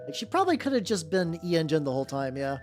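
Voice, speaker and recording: Rambling male streamer with a lively voice. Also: fairly high pitch, quick pace. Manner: rambling, many fillers and restarts, casual swearing. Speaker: VTuber streamer. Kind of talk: casual live-stream chat while painting miniatures. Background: faint background music.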